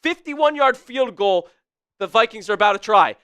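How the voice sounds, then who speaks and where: A young man calling football plays on a live fan stream, shouting at big plays, laughing often, and putting on a playful mock British accent. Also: high voice, expressive, moderate pace, smooth, no echo, clean studio sound. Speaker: live stream co-host doing play-by-play.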